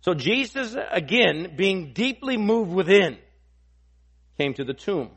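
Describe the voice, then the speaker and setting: Man, pastor, high-pitched, expository sermon, emphatic, repeats phrases. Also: big pitch swings, takes it slowly, fairly bright tone, husky.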